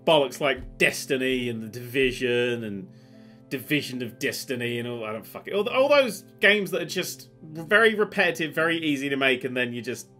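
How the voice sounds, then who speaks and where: A young man co-hosting a gaming news show in loose, sweary chat. His voice is bright and edgy, and it leaps all over the place as he rants. He gets loud and heated in bursts. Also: mid-range voice, moderate pace, soft background music. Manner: sweary, ranting, animated. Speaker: host.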